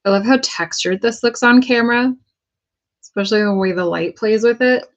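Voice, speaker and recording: A woman's voice: a little high, normal speed, lo-fi sound. An American woman casually talking herself through painting a prop, chatty and joking as she works. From United States. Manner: chatty, self-talking while working, jokey asides. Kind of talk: casual crafting vlog talk.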